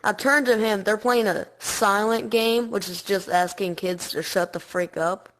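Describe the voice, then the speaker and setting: A woman's voice: mid-range voice, steady tone, unhurried, a bit bright, a little hiss or hum, rough recording. A woman guest on a casual podcast, telling school stories in a playful, slangy way.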